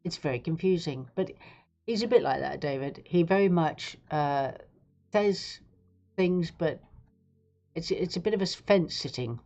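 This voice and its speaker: A woman's voice: deep voice, expressive, measured pace, darkish tone, muffled recording. A woman hosting a live stream, talking in a rambling, sarcastic, digressive way. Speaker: livestream host. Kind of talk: casual live-stream commentary.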